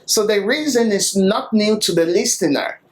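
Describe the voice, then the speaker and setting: A woman reading a scripted English grammar lesson, slowly and deliberately, with example sentences. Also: mid-range voice, expressive, low-quality recording. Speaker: English teacher.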